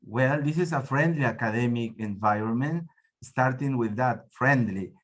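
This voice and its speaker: Male meeting organizer, Spanish first language, enthusiastic and friendly, average pitch, video call. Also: normal speed. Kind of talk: online meeting discussion.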